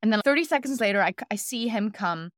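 Woman podcast co-host, lively casual storyteller, close dry mic. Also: medium pitch, fast, no echo. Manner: animated, acts out quotes in her stories.

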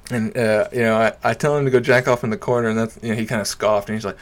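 Talking fast with a voice on the low side, an amateur comic rambles through a bar anecdote. Profanity and fillers such as "like" and "you know" pepper his speech, and he laughs animatedly throughout.

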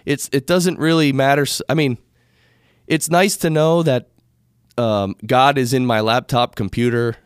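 A man's voice: medium pitch, fairly even intonation, unhurried, smooth, no echo, studio quality. A man from America hosting a casual talk on spirituality, rambling and correcting himself as he goes, speaking into a microphone. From United States. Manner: rambling, conversational, self-correcting. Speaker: podcast host. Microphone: studio microphone.

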